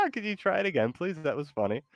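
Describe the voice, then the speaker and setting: A man's voice: high-pitched, wildly swooping pitch, moderate pace, no room sound, lo-fi sound. A man hosting a casual chat, hesitant and giggly, full of ums and restarts. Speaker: streamer host.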